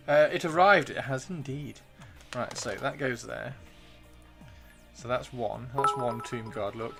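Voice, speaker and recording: A man live streaming as he builds miniatures, excitable and rambling, talking to himself and to chat. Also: mid-range voice, a little slow, gravelly, faint music behind.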